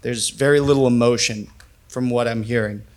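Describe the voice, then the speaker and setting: A man's voice: medium pitch, steady tone, normal speed. A man in the audience who asks questions and searches for his words as he goes. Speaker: audience member asking questions.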